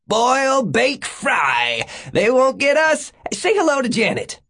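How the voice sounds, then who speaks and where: A man reading an audiobook voices a reckless, grinning male fugitive who shouts in a high, excited voice. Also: slow, full character voice. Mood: gleeful.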